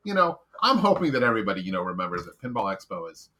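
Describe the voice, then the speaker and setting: A man's voice: fairly low pitch, sing-song, very fast, bright, forceful tone. A man hosting a casual podcast chat, giving blunt, profane, rambling opinions. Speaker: podcast host.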